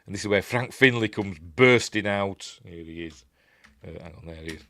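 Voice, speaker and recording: A man's voice: sits low, steady tone, moderate pace, fairly bright tone. A Yorkshire man in his fifties giving a rambling, chatty running commentary as he reviews a film, with frequent asides and self-corrections.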